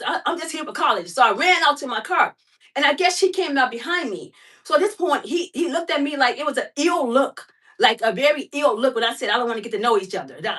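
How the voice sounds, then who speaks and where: A middle-aged woman vlogger telling a story in a casual, animated way, repeating herself and acting out quotes. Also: sits high, far from the mic.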